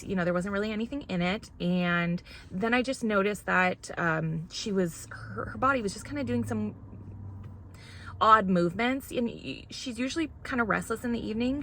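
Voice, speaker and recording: A woman's voice: mid-range voice, fairly bright tone, a little hiss or hum. Candid, rambling woman vlogger. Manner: rambling and candid, fighting back tears. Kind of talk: casual vlog chat.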